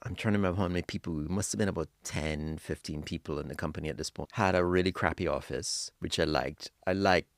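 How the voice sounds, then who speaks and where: Pria Trinidad bersuara rendah bercerita santai. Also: male voice, low-pitched, fast, hardly any pauses, no echo, studio quality. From Trinidad and Tobago. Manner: relaxed anecdotal storytelling, agrees often. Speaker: podcast guest, entrepreneur. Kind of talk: casual interview chat.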